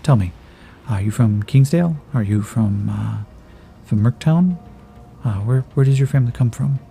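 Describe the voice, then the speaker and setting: A man voicing a calm male elf warrior who firmly coaxes a frightened companion. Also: medium pitch, normal speed, vocal fry, soft background music. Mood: urgent. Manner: firm, coaxing, patient.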